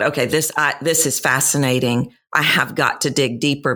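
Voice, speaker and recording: A woman in her fifties with a Texan accent, a voice coach answering interview questions and telling stories with acted-out quotes. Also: sits low. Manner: animated storyteller, acts out quoted voices. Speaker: voice and dialect coach.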